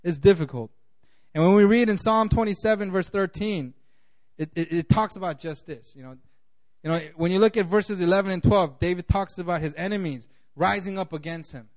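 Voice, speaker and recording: A man's voice: high-pitched, a little fast, a little mellow. A man preaching a sermon as pastor, in a conversational way full of "you know", acting out the voices he quotes.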